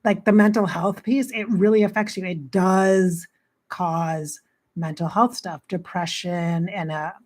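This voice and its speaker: A woman life coach talking casually and frankly to her viewers, blunt and chatty, swearing freely and quoting herself as she goes. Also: mid-range voice. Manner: chatty, quotes herself with "I'm like". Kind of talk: casual motivational talk to camera.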